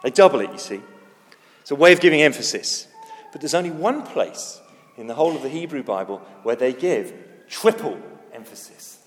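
A man preaching a sermon, emphatic, with big swings between loud declarations and hushed lines. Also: medium pitch, big pitch swings, normal speed, long reverb tail. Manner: emphatic, dramatic swings in loudness and pace.

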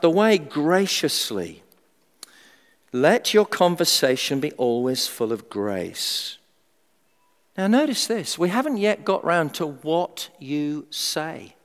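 A middle-aged man preaching a sermon in a humorous, animated way, acting out everyday voices. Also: fairly high pitch. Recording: long hall reverb.

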